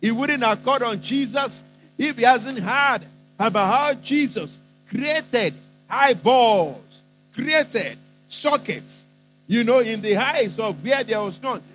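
A man preaches a sermon in a strikingly high voice, pressing each point with repetition and long pauses. He speaks very slowly and lets phrases hang, while gentle music plays faintly underneath. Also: lively intonation, low-quality recording. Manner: emphatic, repetitive, with dramatic pauses.

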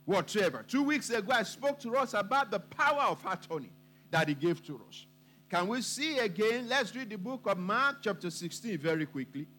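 A man's voice: sits high, animated, normal speed, sharp tone. A man preaching a sermon to his congregation, emphatic and repeating his points for weight.

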